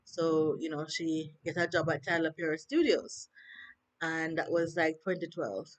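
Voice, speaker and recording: A woman with a Jamaican accent and a low-sitting voice reviews a TV episode in casual conversation, speaking at a measured pace. She talks animatedly, with swooping emphasis and plenty of rhetorical questions. This TV review vlogger was recorded on a handheld phone.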